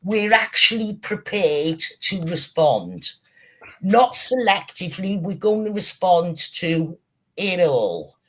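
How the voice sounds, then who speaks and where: A man hosts a casual livestream with a husky, slightly rough voice. He swears freely and tells stories with animated energy, talking straight to his viewers. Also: high-pitched, slow pace. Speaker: streamer host.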